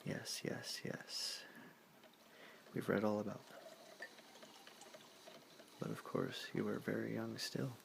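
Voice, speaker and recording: A man voicing a polite, settled young married man in whispered role-play, with a soft, low whisper. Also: little pitch movement, takes it slowly, creaky, pauses often, a little hiss or hum, full character voice.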